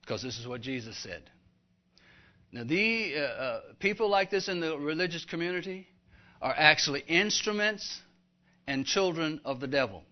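Male preacher, high voice, emphatic sermon, dull lo-fi recording. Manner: emphatic, builds to fervent loud passages.

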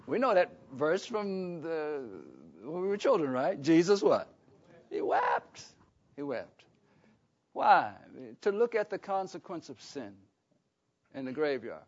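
A man's voice: on the high side, animated, unhurried, a little mellow. A man preaching a sermon in a conversational way, often asking his congregation questions and starting sentences over. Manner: call-and-response questions to the congregation; conversational, with frequent restarts. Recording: dull lo-fi recording.

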